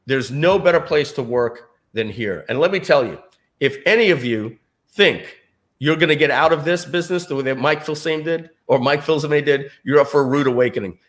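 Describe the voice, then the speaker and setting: A man's voice: medium pitch, fairly bright tone. Man telling a story with acted-out quotes. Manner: acts out other people's lines in quoted voices. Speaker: speaker telling a personal story. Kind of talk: animated storytelling to an audience.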